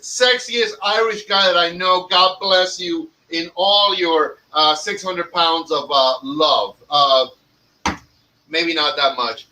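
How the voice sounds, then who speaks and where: This podcast host has a high voice that comes out pushed and bright. In loose comedic chat he trades profane jokes and teases his co-hosts brashly. He's positioned a bit away from the microphone.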